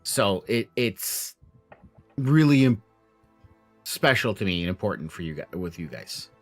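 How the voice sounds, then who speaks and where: A man's voice: on the low side, measured pace, soft background music. A man chatting casually as game master after a tabletop campaign, rambling with lots of fillers. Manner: rambling, filler-heavy, animated.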